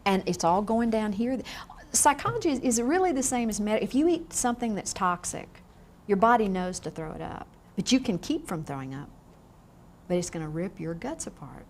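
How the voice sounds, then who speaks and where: A woman lecturing a class on grief in a frank, lively way, often asking the room questions. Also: medium pitch, moderate pace, a little hiss or hum. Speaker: grief educator. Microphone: on camera, room mic.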